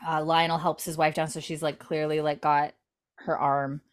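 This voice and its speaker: A woman's voice: deep voice, level tone, normal speed. A woman podcast host casually recapping a TV episode in a chatty way, full of fillers. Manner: chatty, many fillers, retells scenes.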